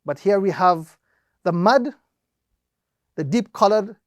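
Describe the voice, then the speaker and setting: A man's voice: sits high, lively intonation, dry recording, muffled recording. Methodical male recitation teacher, dry sound. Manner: slow, deliberate explanation with drawn-out demonstrations; repeats each step methodically. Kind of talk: instructional lesson.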